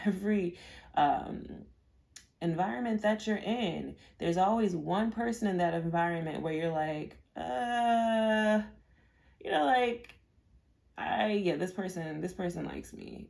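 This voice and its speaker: Female tarot reader, low gravelly voice, casual and rambling delivery. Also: darkish tone. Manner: chatty and rambling, with many fillers and repeated words. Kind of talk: casual pick-a-card tarot reading.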